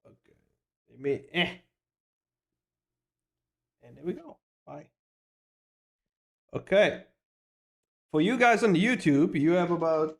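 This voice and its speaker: A man's voice: fairly high pitch, expressive, takes it slowly, gravelly, long pauses. A man chatting casually to his livestream viewers, rambling, laughing often and swearing freely. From South Africa. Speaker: streamer.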